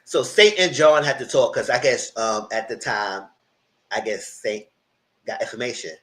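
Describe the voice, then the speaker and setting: Guy doing a live tv recap, talks in a middle-range voice, gets animated acting out the scenes. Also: mid-range voice, moderate pace. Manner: animated retelling that acts out the characters' lines. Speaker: TV show reviewer.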